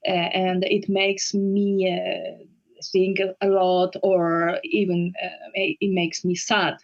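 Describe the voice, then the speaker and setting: A woman whose first language is Japanese, speaking slowly and hesitantly with many fillers as an interview guest. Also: fairly low pitch, flat delivery, dull audio. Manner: slow and hesitant, frequent fillers and restarts. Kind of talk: casual interview conversation.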